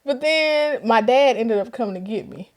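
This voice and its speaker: A woman's voice: fairly high pitch, normal speed. A woman telling a personal story in casual conversation, acting out the voices of other people with laughter. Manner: animated, acts out quoted voices with laughter. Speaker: guest.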